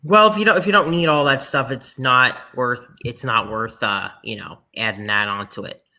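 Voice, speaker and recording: A man explains his editing software on a video call, relaxed and a little hesitant, with plenty of pauses. His tone is bright, at a middle pitch. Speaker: panel guest. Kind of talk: casual tech demo chat.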